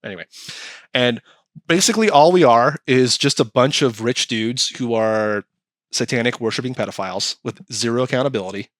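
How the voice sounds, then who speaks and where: A man's voice: mid-range voice, normal speed, no room sound. A man hosting a podcast, ranting casually with lots of swearing and mocking asides. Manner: animated, profane, mocking. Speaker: podcast host.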